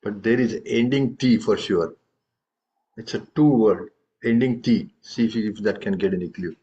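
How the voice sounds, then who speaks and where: A man's voice: lowish voice, normal speed, dark tone. A man teaching a tabla lesson, explaining patiently and often checking in with questions. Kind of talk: live music lesson. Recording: dull lo-fi audio.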